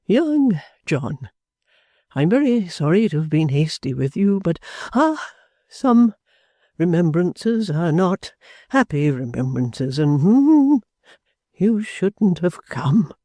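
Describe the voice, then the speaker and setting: A reader voicing a proud, touchy elderly gentleman, pompous and slow, stalling on "ah" between stern phrases in a storybook reading. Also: mid-range voice, big pitch swings, no room sound, pitched above the performer's own voice. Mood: remorseful. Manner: pompous, hesitant "ah" fillers, slow stern speech.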